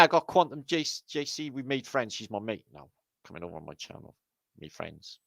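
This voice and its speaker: A man's voice: on the high side, fairly bright tone, no room sound. A man with a Welsh accent hosting a casual livestream, greeting viewers by name with jokey, sweary banter. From Wales. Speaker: livestream host.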